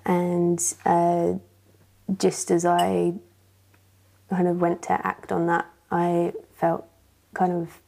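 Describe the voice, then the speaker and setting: A woman's voice: lowish voice, completely flat delivery, slow pace, vocal fry, dark tone. A woman sharing her personal testimony as a church guest, talking hesitantly with many fillers.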